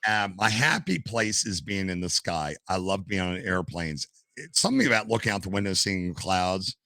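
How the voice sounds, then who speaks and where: Older male guest, low gravelly voice with a bright edge, animated storyteller. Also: normal speed, no room sound. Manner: animated storyteller, acts out quotes. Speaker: podcast guest, gamer and streamer. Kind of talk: casual storytelling interview.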